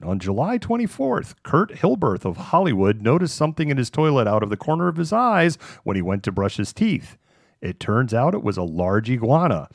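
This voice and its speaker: A man's voice: mid-range voice, darkish tone, dry recording, clean studio sound, voice pushed up. A man putting on the voice of a formal male TV newscaster. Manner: formal newsreader cadence.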